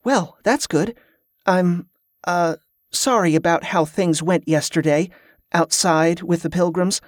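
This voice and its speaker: A reader voicing Carla, a brisk, wry young woman traveler, raising the voice into a lighter register for her lines in an audiobook. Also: medium pitch, dry recording, clean studio sound, lightly acted. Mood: coaxing. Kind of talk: audiobook character voice.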